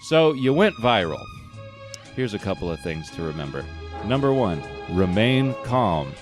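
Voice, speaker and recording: A man's voice: on the low side, sing-song, normal speed, faint music behind. A young man co-hosting a comedy podcast, telling a profane, self-mocking story. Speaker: podcast co-host.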